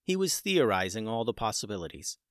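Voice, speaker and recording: A man narrating a children's story in a gentle storytelling manner, building the excitement through its dramatic parts. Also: lowish voice, brisk, no room sound, studio quality. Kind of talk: scripted narration.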